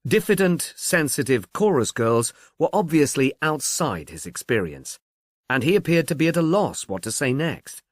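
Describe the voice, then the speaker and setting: A man reading a novel aloud in a wry, measured storytelling voice. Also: on the high side, sing-song, no room sound, studio quality. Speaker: audiobook narrator. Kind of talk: scripted narration.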